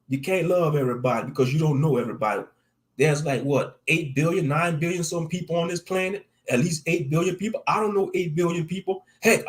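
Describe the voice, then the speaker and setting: A man giving live-streamed religious commentary, reading scripture aloud and riffing on it in slangy talk with a preachy edge, repeating lines for emphasis. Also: on the high side. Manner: preachy, reads scripture then riffs on it. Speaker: online commentator.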